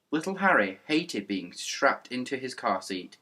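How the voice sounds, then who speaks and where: A man reading a children's book aloud with lively narration and character voices. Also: mid-range voice, a little slow. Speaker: reader.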